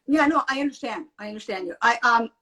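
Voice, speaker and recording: A woman's voice: on the high side, fast talker, pushed and bright. A woman hosting an interview, speaking hesitantly with many "um"s as she searches for words. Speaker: interview host. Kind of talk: casual interview chat.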